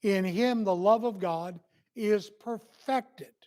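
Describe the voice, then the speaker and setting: A man's voice: high voice, slow, darkish tone. A man preaching an earnest, emphatic sermon as a church minister.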